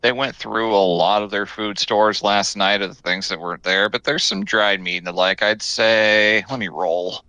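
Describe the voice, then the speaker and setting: A man's voice: lowish voice, fairly even intonation, normal speed, few pauses, sharp tone, dry recording, low-quality recording. A man running a tabletop game as game master, narrating scenes and calling for rolls in an easygoing, joking way.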